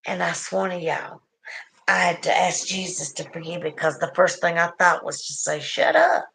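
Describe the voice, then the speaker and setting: A woman's voice: fairly low pitch, steady tone, moderate pace, vocal fry, bright, forceful tone. Middle-aged Southern woman, casual folksy host reading viewer comments. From southern United States. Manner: chatty and folksy, with asides to viewers. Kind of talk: casual chat.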